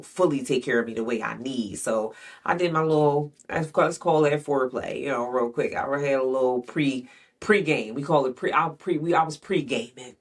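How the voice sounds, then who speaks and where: A man's voice: medium pitch, fairly bright tone, distant mic. A man telling a frank, rambling personal story in casual slang, storytime vlog style. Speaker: vlogger. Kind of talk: candid storytime monologue.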